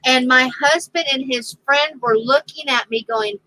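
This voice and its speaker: A woman's voice: high voice, normal speed, hardly any pauses, bright, forceful tone, a little hiss or hum, poor audio. A middle-aged woman hosting a casual crafting chat, telling stories with lots of laughter. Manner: storytelling with frequent laughter. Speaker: crafting channel host.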